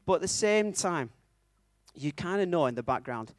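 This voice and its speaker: Chatty preacher, dry sound. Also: male voice, a little high, expressive, moderate pace, dry recording. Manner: chatty, checks in often with the audience, self-mocking. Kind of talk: conversational sermon with storytelling.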